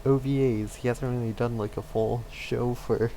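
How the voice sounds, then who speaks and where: Male podcast co-host, relaxed and rambling, average pitch, slight background hiss. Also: normal speed. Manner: rambling, laid-back, with fillers and laughs. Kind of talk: casual chat.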